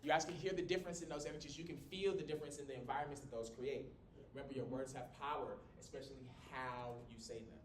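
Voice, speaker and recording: Talking fast with few pauses, a man teaches a college class in a small, echoey room, picked up from a distance without a microphone and over a low rumble. He's lively and jokey, and he demonstrates by pushing his volume and pitch up and down.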